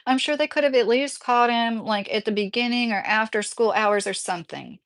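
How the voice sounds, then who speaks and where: A woman's voice: on the high side, brisk, fairly bright tone. A woman livestreamer reading out chat comments and answering them in a heated, casual way.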